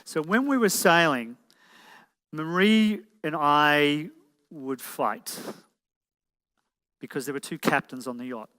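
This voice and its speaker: A man's voice: a little high, takes it slowly, pauses often, pushed and bright. A man presenting a relationship seminar to a live audience, putting direct questions to the room and calling for shows of hands. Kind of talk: motivational seminar talk. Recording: echoey hall.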